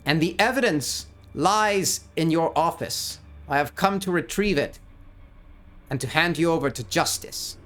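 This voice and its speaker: Defiant noblewoman sorceress, voiced by a man, firm and accusing, raised pitch, slow delivery. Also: lively intonation, a bit bright.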